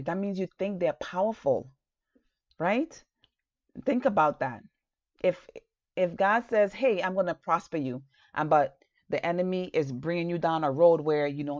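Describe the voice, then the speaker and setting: A woman with a low, dark-toned voice preaches an earnest, encouraging sermon. She talks conversationally, full of "um" and "you know". The recording sounds somewhat dull and lo-fi. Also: no room sound. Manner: encouraging, earnest, loose with fillers.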